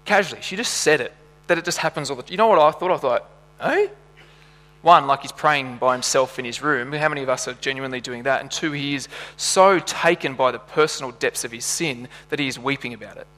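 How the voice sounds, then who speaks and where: A man's voice: medium pitch, fast talker, bright, forceful tone. Earnest man preaching in echoey hall. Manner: earnest, builds to passionate emphasis. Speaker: pastor. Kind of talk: sermon.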